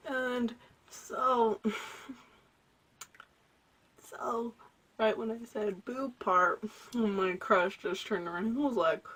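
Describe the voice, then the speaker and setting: A young woman from Michigan casually telling embarrassing stories to camera, giggling, rambling, and slipping between whispers and loud bursts. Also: a little high, takes it slowly, long pauses. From Michigan, USA. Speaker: vlogger.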